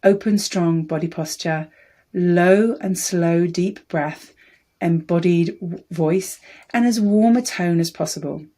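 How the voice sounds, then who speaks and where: A woman coaching public speaking, explaining calmly and steadily and demonstrating voice techniques. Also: lowish voice. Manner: calm, measured coaching with demonstrations. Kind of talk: speaking tips lesson to camera.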